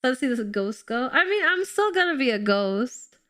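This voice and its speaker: A woman's voice: high-pitched, normal speed. Bubbly, slightly ill woman streamer. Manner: bubbly, excitable, chatty with viewers. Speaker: game streamer. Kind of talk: casual live-stream chat while playing.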